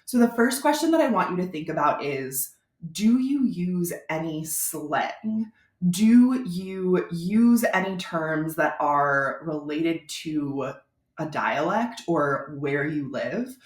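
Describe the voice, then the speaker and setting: A woman from Florida, a brand strategist giving a casual, chatty video tutorial to speakers. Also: fairly low pitch. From Florida, USA. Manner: chatty, conversational, informal. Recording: roomy echo.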